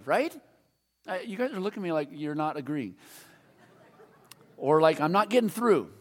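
A man's voice: a little high, animated, moderate pace, pauses often, big-room sound. An older man preaching a sermon in a conversational way, repeating refrains and asking his audience questions.

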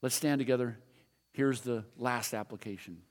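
A man preaching a sermon as pastor, animated, reading scripture and leading prayer. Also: medium pitch, moderate pace. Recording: long hall reverb.

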